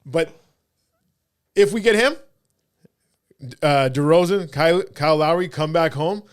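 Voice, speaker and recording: A man's voice: on the high side, unhurried, clean tone. Joking man hosting a podcast. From Canada. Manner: joking, rambling, does mock voices. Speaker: podcast host. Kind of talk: casual chat.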